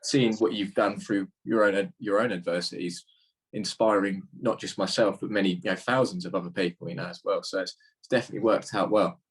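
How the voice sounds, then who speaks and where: A man with a lowish, husky voice who hosts a podcast. He chats casually and encourages his guest, reflecting on what the guest has shared. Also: steady tone, brisk, rough recording. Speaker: podcast host. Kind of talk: casual interview chat.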